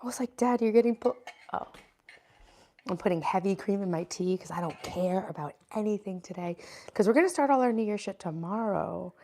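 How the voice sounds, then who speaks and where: A woman's voice: medium pitch, animated, a little fast, mellow. A woman hosting a casual livestream, chatting and answering viewer comments as they come in. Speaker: livestream host.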